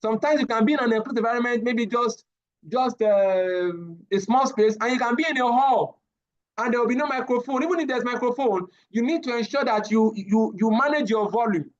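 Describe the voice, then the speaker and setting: A man, giving a live safety training lecture, animated and often repeating his words as he addresses the class. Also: very high-pitched, a little fast, lo-fi sound.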